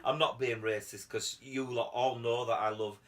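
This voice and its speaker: A man's voice: mid-range voice, steady tone, moderate pace. A man, hosting a jokey bedroom chat, cheeky and prone to sudden squealing impressions. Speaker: comedian host. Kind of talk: comic chat in bed.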